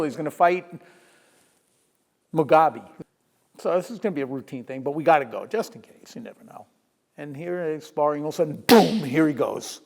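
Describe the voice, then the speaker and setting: An older man spins lively anecdotes as an interview guest. His voice has a gravelly, creaky edge. The room adds a long, lingering reverb. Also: mid-range voice. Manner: lively anecdotal storyteller who laughs and acts out quotes. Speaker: retired sports journalist, interview guest. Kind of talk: storytelling in a sit-down interview.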